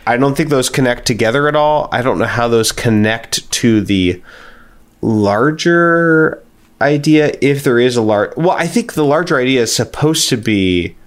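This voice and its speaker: A man's voice: mid-range voice, lively intonation. A man co-hosting a podcast in casual chat, talking hesitantly with many fillers. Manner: hesitant, filler-heavy, slow. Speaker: podcast co-host. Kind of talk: casual chat, critiquing song lyrics.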